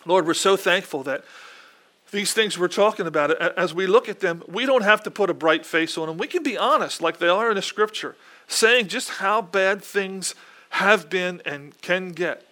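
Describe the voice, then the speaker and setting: A man delivers a sermon in an earnest, conversational way. His voice sits high and sounds bright and forceful. He often restarts his words and turns to the listeners with questions. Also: moderate pace. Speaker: preacher.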